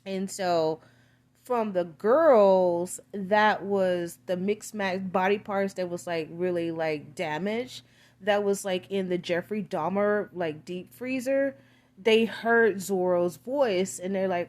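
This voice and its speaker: A woman's voice: medium pitch, slow pace, a little mellow. Rambling woman recapping a film casually. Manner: rambling, crude slang, constant "like" fillers. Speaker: film reviewer.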